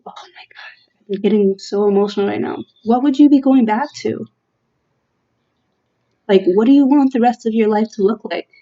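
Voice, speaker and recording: A tarot reader gives a casual reading, unhurried and searching, with plenty of "um"s and restarts. Her fairly high voice is soft and mellow, earnest and near emotion, on a slightly muffled, lo-fi recording.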